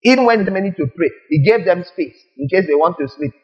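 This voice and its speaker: A male preacher giving a lively sermon, firing rhetorical questions at the congregation and acting out little scenes. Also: high-pitched, fairly quick, highs cut off.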